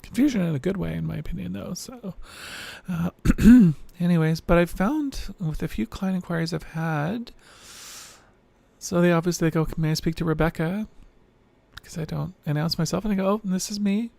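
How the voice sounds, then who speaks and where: A woman with a low, androgynous voice that still reads as mostly male, rambling reflectively and wryly in a late-night video diary, sounding tired. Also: normal speed, gravelly, warm tone, dry recording. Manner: rambling, reflective, wry and self-deprecating.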